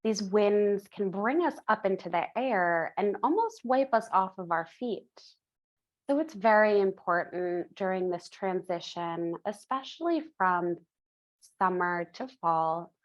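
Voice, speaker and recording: A young adult woman teaching a yin yoga class, guiding breathing in a calm, gentle, instructive way. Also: mid-range voice, unhurried, muffled recording.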